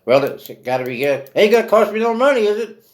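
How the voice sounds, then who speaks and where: A man's voice: sits high, big pitch swings, fast, pitched above the performer's own voice. A man voicing Scrooge as a stingy, whining old miser who talks in jive slang. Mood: pleading.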